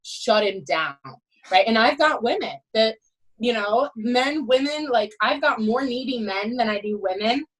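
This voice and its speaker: A woman who is a head swim coach, telling animated, emphatic stories in a podcast interview and often adding "you know" and "right.". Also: fairly high pitch, measured pace, rough recording.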